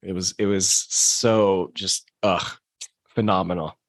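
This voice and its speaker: Man, lowish voice, casual podcast chat, halting. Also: fairly even intonation. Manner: halting, restarts sentences.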